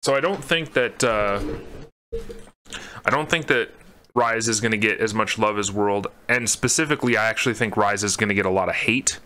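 A man's voice: on the low side, normal speed, bright, forceful tone, a little hiss or hum. Young male co-host, loose and rambling, casually profane, chatting while he sketches. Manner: rambling, laughing, swears casually. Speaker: podcast co-host. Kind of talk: casual chat while drawing.

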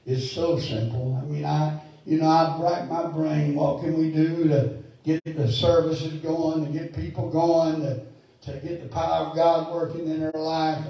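A man's voice: fairly high pitch, mellow. A man preaching a sermon as pastor, fervent and building to emphatic calls, recorded in a church sanctuary. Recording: echoey church hall, mic far off.

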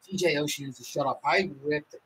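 A man streaming a live hockey watch-along, anxious and excitable, repeating the same phrases over and over. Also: fairly high pitch, brisk, noisy background. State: out of breath. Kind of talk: live reaction commentary.

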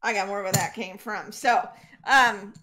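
A woman's voice: mid-range voice, steady tone, measured pace, sharp tone, a little hiss or hum. A woman serving as game master in a tabletop role-playing game, explaining rules and scenes in a loose, chatty way full of fillers.

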